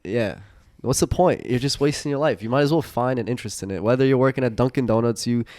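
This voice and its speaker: A man's voice: mid-range voice, fast talker, a little mellow, no room sound, clean studio sound. A man hosting a podcast, talking in a laid-back, conversational way. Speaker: podcast host. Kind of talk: casual podcast chat.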